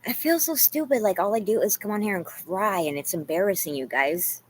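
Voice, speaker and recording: A woman's voice: mid-range voice, lively intonation, fairly quick, husky. A woman talking casually and emotionally to her livestream chat, rambling and confessional, full of "you guys" and "like". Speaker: vlogger talking to live chat.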